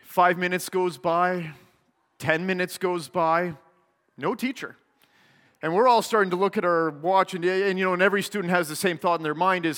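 A man preaching a sermon, telling a story in an animated way and acting out its people, heard in a reverberant church hall. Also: sits high, moderate pace. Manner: animated, acts out the people in his stories. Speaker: pastor.

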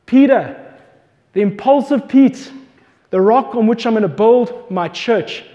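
A pastor with a very high-pitched, dark-toned voice preaches at normal speed, passionately retelling a scripture story and putting questions to his listeners. Long hall reverb fills the recording.

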